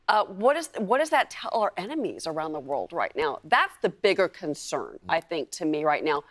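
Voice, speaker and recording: A woman's voice: on the low side, lively intonation, normal speed, hardly any pauses, no room sound. A woman commentator on a TV news panel, giving earnest, concerned analysis.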